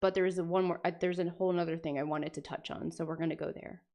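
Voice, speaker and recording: Young woman, casual livestream chat, animated, sweary jokey asides, reads aloud then reacts. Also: lowish voice, fast talker. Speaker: streamer.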